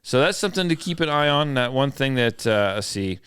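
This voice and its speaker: A man's voice: medium pitch, animated, a little fast, a bit bright, a little hiss or hum. A man hosting a podcast in casual chat, loose and joking about himself. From southern Idaho. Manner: loose, joking, self-deprecating. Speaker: podcast host.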